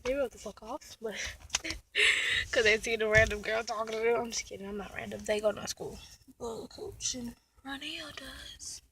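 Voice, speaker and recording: A young woman vlogging from inside a parked car, whispering one moment and shouting the next. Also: on the high side, fairly even intonation, fast, noisy background. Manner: swings between loud outbursts and hushed whispers. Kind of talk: casual car vlog. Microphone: phone camera.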